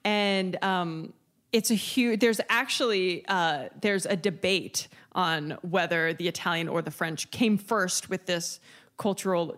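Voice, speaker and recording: A woman's voice: medium pitch, fairly bright tone. A woman co-hosting a podcast in casual chat, chatty and giggly, explaining things with enthusiasm. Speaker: podcast co-host. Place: lives in Italy.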